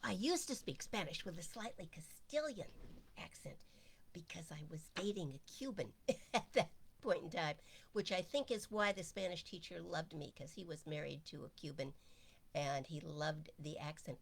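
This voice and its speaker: A woman with a low, gravelly voice leads a weekly online gathering as its minister. She keeps the talk casual and teasing, and now and then she lets her voice sink into quiet asides. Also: normal speed. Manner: playful, chatty, drops into quiet asides. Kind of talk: casual livestream chat.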